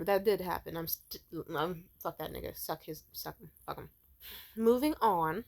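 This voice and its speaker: A woman's voice: on the low side, moderate pace, creaky, darkish tone. A young woman hosting a commentary rant, profane and heated, acting out quoted people in raised voices. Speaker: commentary host. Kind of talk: ranting commentary.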